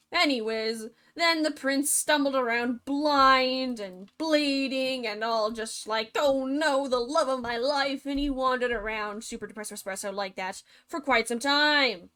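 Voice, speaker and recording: A woman's voice: on the high side, measured pace, bright, forceful tone. A woman retelling a fairy tale as comedy, with sarcastic, jokey asides in a bubbly manner. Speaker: narrator.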